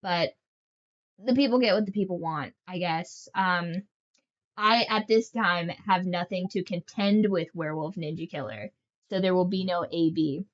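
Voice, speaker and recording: A woman's voice: fairly low pitch, moderate pace, dull audio. A woman game streamer chatting casually, telling rambling, joking stories with lots of fillers. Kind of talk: casual livestream chat.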